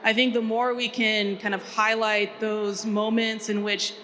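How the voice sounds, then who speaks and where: A woman from Minnesota on a panel, chatty and animated, with many fillers. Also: medium pitch, a little slow, slight background noise. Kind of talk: panel discussion storytelling.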